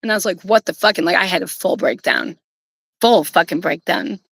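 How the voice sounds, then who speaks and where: A woman's voice: on the low side, brisk, creaky, a bit bright, husky, no echo, poor audio. A woman streamer telling a personal story in a casual, rambling way, swearing bluntly.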